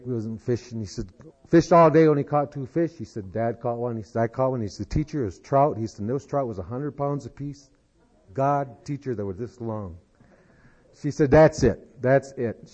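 Man telling a long joke, rambling folksy style, muffled old recording. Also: mid-range voice. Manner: folksy, rambling, with voiced characters and soft asides. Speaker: storyteller. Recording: dull lo-fi recording.

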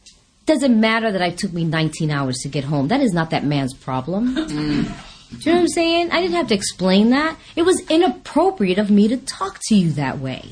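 A woman giving a personal testimony at a recovery meeting, telling stories in an animated way and acting out her own lines. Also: medium pitch, normal speed, slightly rough. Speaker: speaker sharing at a recovery meeting.

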